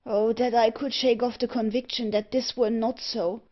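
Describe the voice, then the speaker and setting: A woman's voice: on the high side, little pitch movement, moderate pace, dull audio, lightly acted. A woman voicing an anguished young male captive. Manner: pleading, overwrought.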